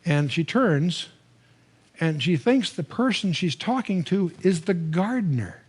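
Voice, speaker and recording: An older man teaching the Bible to a live audience, telling the stories in a conversational, animated way with frequent restarts. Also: high-pitched, unhurried, husky.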